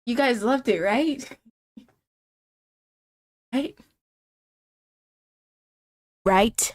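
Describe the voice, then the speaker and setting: A woman's voice: on the high side, drawn-out words. Rambling, playful woman streamer. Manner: rambling, playful, says "like" and "dude" often. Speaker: live streamer. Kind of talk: casual live-stream chat.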